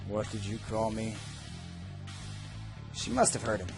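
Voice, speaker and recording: A man's voice: on the low side, sing-song, unhurried, vocal fry, pauses often, a little mellow. A man reviewing a video game, reading its text aloud and breaking off into sarcastic, jokey asides. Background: faint game music.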